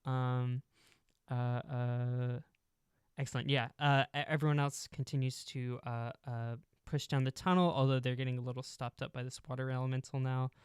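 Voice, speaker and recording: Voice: medium pitch, flat delivery, moderate pace, a little mellow, clean tone, dry recording, clean studio sound. A game master narrating a tabletop role-playing game, rambling with many fillers and laughs.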